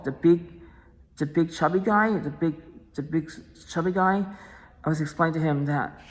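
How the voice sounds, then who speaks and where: A woman's voice: low voice, big-room sound, low-quality recording. A woman vlogger talking casually to the camera, repeating herself and restarting phrases, insistent and aggrieved.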